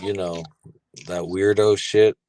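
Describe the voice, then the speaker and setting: A man co-hosting a live podcast, animated and playful, laughing and teasing. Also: deep voice, slow pace. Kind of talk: casual live-stream chat.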